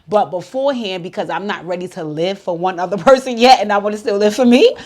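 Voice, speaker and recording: A woman's voice: medium pitch, animated, quick pace, darkish tone. A woman giving a casual, candid recap of a reality TV episode, chatty and freely swearing. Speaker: reality TV show reviewer.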